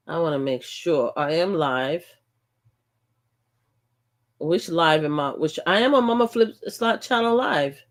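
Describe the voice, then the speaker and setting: With a deep voice, an unhurried pace, and frequent pauses, an older livestream host chats casually with her audience. She talks bluntly and animatedly, often repeating words and breaking into laughter.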